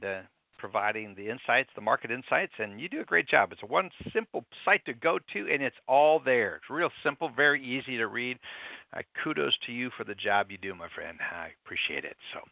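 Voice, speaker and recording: A man's voice: mid-range voice, creaky, no echo, phone-quality sound. A man hosting a radio talk show, friendly and chatty with plenty of ums and ahs. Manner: friendly, chatty, filler-heavy.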